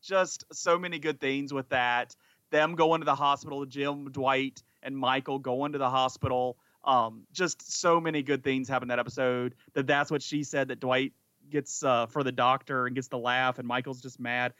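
A man's voice: mid-range voice, steady tone, normal speed, pushed and bright, smooth, no room sound, muffled recording. A man co-hosting a podcast in casual chat, talking eagerly and rambling with lots of fillers. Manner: enthusiastic, rambling, many "like" fillers. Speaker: podcast co-host.

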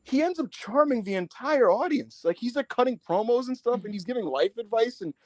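Brief: male podcast co-host, high and very animated, excited storyteller, dry close mic. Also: dry recording. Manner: animated, quotes people in quick bursts.

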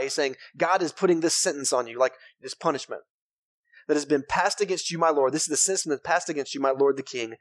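A man's voice: on the high side, a little fast. A man preaching a sermon in church, reading scripture aloud and breaking off into joking asides. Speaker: pastor.

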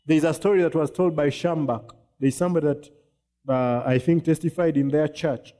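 Male pastor, sermon delivery, higher-than-usual pitch with mellow tone, checks in with listeners often. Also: fairly even intonation, fairly quick. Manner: preaching with wide swings in pitch, asking the congregation "you get it?".

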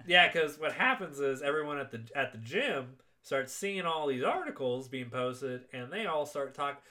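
Male podcast co-host, animated and profane, bright sharp tone, fairly high. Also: moderate pace. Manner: excitable, profane, acts out quotes. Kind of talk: casual movie recap chat.

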